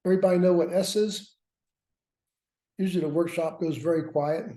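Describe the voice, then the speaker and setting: A man's voice: high-pitched, steady tone, a little fast, mellow. A man teaching a workshop class, lecturing with wry, self-mocking asides. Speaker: workshop instructor. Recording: roomy echo.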